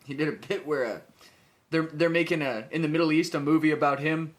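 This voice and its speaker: A man's voice: a little high, a little fast. A man co-hosting a casual podcast, telling stories with free swearing and lots of laughter. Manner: lively storyteller, swears freely, laughs a lot. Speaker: podcast co-host. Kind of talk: casual chat.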